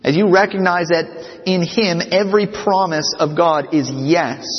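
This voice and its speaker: A man's voice: a little high, unhurried. A man preaching a sermon as a pastor. He speaks earnestly and keeps checking in with the congregation by asking "right?". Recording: dull sound with long reverb of a hall.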